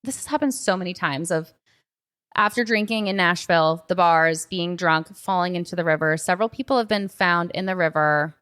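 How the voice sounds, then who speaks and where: Talking a little fast, this young adult podcast host has a lowish voice that's fairly bright, clear, and resonant. She's chatty and rambling, and "like" fills her casual talk, picked up by a podcast microphone.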